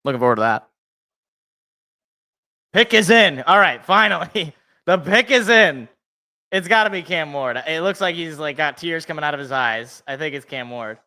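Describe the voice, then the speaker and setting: A young man with a high, bright, fairly tense voice hosts a casual live reaction stream. He talks loosely, thinks out loud and chuckles to himself between remarks. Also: lively intonation, moderate pace, pauses often.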